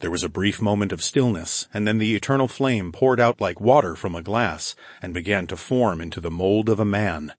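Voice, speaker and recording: A man narrating a first-person fantasy audiobook in a dry, deadpan, cocky manner. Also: on the low side, normal speed, hardly any pauses, no room sound.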